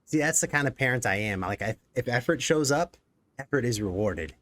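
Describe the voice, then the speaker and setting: A man's voice: medium pitch, animated, a little fast, a bit bright. A man hosting a casual live stream, rambling and joking with many fillers. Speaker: executive producer and stream host.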